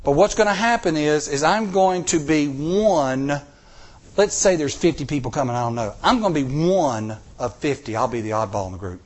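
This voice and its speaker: Middle-aged male preacher, lively storytelling sermon, fairly high voice. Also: normal speed. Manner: animated, rising to emphatic peaks. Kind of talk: sermon with personal stories. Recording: recorded sermon tape.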